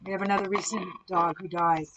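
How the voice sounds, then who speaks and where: A woman hosting a live ghost hunting session, calmly asking the spirits questions from indoors at someone else's home. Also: on the low side, fast talker, dull audio. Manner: calm, coaxing questions to spirits. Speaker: ghost hunter host.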